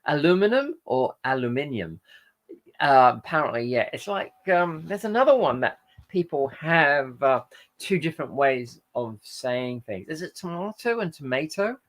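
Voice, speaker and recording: Male host, chatty and rambling, very animated pitch. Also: moderate pace. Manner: rambling, loses his thread and corrects himself. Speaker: channel host. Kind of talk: casual live-stream chat reading viewer comments.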